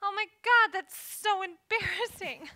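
Woman doing a sweet flustered nurse, very high and bright, stage show. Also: unhurried, heavily acted. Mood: gentle, urgent. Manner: gentle and hushed, then excited and questioning. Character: kind, flustered young nurse. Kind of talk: live stage musical acting.

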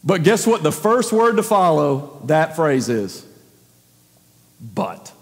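A pastor delivering a sermon in a high, ringing voice. He stresses his points hard and keeps firing questions at the congregation, and a long hall reverb trails each phrase. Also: big pitch swings, slow, vocal fry. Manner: emphatic, with frequent rhetorical questions.

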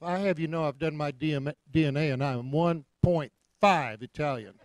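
A man preaching, telling anecdotes with lively delivery and repeated punchlines. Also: on the high side, moderate pace, hardly any pauses, dry recording. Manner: animated storyteller, repeats punchlines. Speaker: guest preacher. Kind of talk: anecdotal sermon. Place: church.

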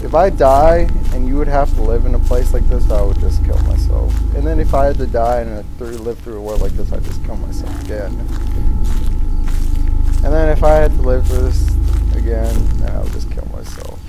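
A man's voice: medium pitch, normal speed, over music. A young man streaming a horror game, panicking, screaming and swearing, then muttering sarcastic asides. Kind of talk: gaming stream commentary. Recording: noisy gameplay recording.

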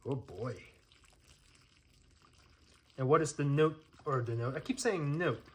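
A man's voice: medium pitch, slow pace. A man running a casual hands-on tech test on camera, talking the viewer through each step with plenty of fillers. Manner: chatty, thinks aloud, lots of fillers and checks. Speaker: tech reviewer. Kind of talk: casual hands-on demo commentary.

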